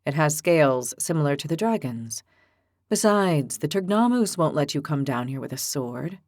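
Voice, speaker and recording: A woman voicing a calm, philosophical young man with an ox's head, who speaks patiently and reasons things out. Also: low voice, normal speed, dry recording, clean studio sound, voice pushed down. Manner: patient, reasoning, gently teasing.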